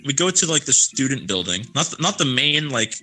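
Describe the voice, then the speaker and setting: Bright-voiced young man telling a rambling story. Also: mid-range voice, big pitch swings, fairly quick, faint music behind, rough recording. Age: young adult. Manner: rambling storyteller, swears a lot. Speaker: podcast co-host. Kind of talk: casual chat.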